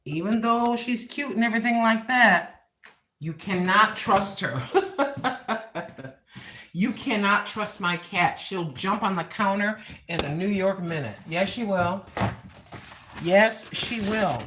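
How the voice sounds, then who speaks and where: A woman's voice: medium pitch, takes it slowly, long pauses, a bit bright, a little hiss or hum. An older woman vlogging in a chatty, rambling way, repeating herself and laughing at her own asides. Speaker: cooking and lifestyle vlogger. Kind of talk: casual rambling monologue.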